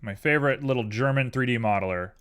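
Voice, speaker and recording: Sleepy guy streaming, rambling chat while he models stuff, middle pitch. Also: fast, fairly bright tone, clean tone. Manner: drowsy, rambling, chatty. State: tired.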